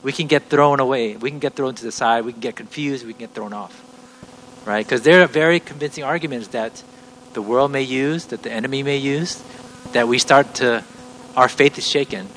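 A middle-aged man preaching in an earnest, step-by-step teaching voice that keeps circling back and restarting its sentences. His voice sits at an ordinary male pitch, with a faint hum in the background. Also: moderate pace, fairly bright tone, low-quality recording. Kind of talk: teaching sermon.

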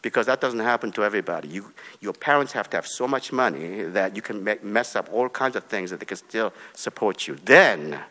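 Emphatic Korean-born preacher in a hall. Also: male voice, fairly low pitch, expressive, brisk, hardly any pauses. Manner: emphatic, repeats short commands, swings between soft and loud. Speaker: pastor. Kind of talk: preaching a sermon.

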